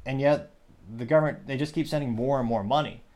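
A man's voice: medium pitch, fairly quick, dark tone. A man hosting a news commentary podcast, talking in a wry, digressive way with joking asides. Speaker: podcast host.

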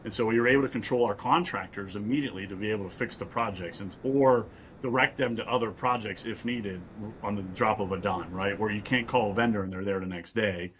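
A man's voice: on the low side, fairly quick, a bit bright, a little hiss or hum. A man from Pittsburgh, a real estate investor, explaining at length as a guest in a podcast interview and often checking in with "right?". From Pittsburgh, USA.

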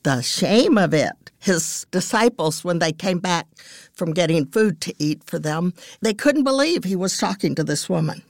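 A woman gives devotional Bible teaching in a slightly low, gravelly voice. She tells the stories earnestly and unhurriedly, and lets each line settle. The sound is close and dry. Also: animated, dry recording. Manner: earnest, measured storytelling. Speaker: podcast host and Bible teacher.

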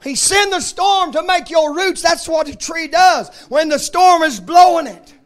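High-pitched fervent preacher man in his fifties. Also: unhurried. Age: 50s. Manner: fervent, emphatic preaching with repeated refrains. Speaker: pastor. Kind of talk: sermon.

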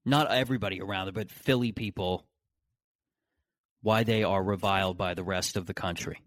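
A man's voice: sits low, steady tone, moderate pace, a bit bright, no room sound, clean studio sound. A man hosting a podcast in a casual solo monologue, rambling and sarcastic, with frequent restarts. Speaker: podcast host.

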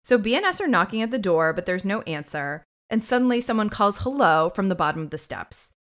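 A woman co-hosting a podcast, recapping an episode in a casual, animated way. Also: mid-range voice, brisk. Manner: animated storytelling with quoted voices. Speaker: podcast co-host.

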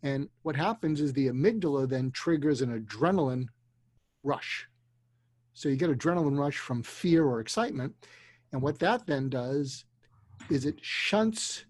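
An older man, a psychiatrist, telling a story earnestly and deliberately, dropping to a hush for emotional moments. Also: a little high, dry recording. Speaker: guest, psychiatrist. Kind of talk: storytelling in a conversation. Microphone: video call.

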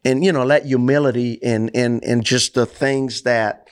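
A man, a coach talking about faith in an animated, preachy storytelling way. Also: mid-range voice, moderate pace, clear, resonant tone. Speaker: coach and church guest. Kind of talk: casual faith talk.

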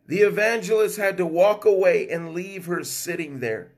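A man's voice: high voice, moderate pace, few pauses. A man preaching a fervent Pentecostal sermon, breaking into cries of "whoo" and "come on" and bursts of speaking in tongues.

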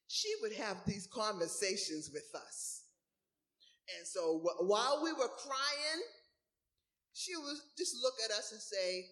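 A woman's voice: mid-range voice, a bit bright. A middle-aged woman preaching a sermon, acting out whiny prayers as she goes.

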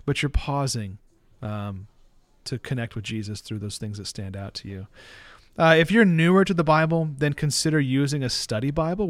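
Man, pastor, earnest sermon teaching, plain-spoken, middle pitch, dry recording. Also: dry recording. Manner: earnest, plain-spoken, reads verses slowly and deliberately.

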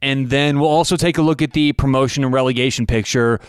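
A man's voice: medium pitch, steady tone, fast talker, clean tone, no room sound, studio quality. A man hosting a sports betting talk show, rambling with restarts and asides. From United States. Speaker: sports betting podcast host. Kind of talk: casual talk with a read ad.

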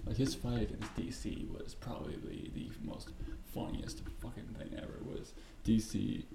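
A man hosting a podcast, talking alone in a profane, rambling and animated way. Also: fairly low pitch, moderate pace, gravelly. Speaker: podcast host. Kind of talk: casual solo podcast rant. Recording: echoey room with faint background noise.

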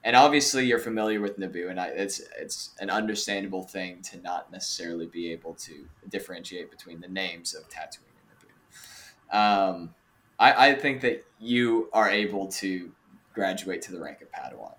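A young man with a bright, forceful voice, pitched a little low, hosting a casual podcast quiz. He is playful, laughs easily and stretches out his questions. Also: normal speed. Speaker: podcast host running a quiz. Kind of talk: casual chat.

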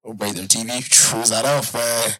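Podcast guy, laughs a lot, animated jokey stories, dry close mic. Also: mid-range voice, moderate pace, no room sound, poor audio. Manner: animated joking storyteller who laughs often. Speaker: podcast co-host. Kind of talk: casual podcast chat.

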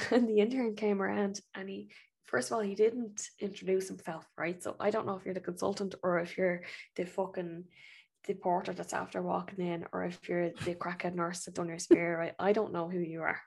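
A woman's voice: fairly low pitch, flat delivery, fairly quick, gravelly, a little mellow, breathy edge. Blunt, profane Irish woman telling a story. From Ireland. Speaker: podcast co-host, nurse. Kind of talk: casual chat. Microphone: remote call recording.

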